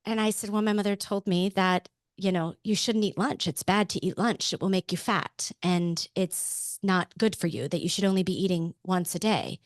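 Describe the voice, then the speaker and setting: A woman's voice: mid-range voice, fairly even intonation, moderate pace, hardly any pauses, no room sound, studio quality. Candid storytelling woman from Pennsylvania. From Pennsylvania, USA. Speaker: podcast guest. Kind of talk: casual interview storytelling.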